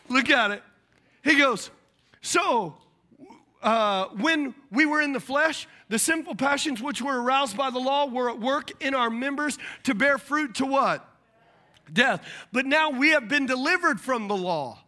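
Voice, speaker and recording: A middle-aged man delivers a sermon in a strikingly high voice. His pitch leaps around as he acts out the voices of the people in his stories, and his tone is bright and forceful. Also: normal speed. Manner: animated preaching with acted-out voices. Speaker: pastor.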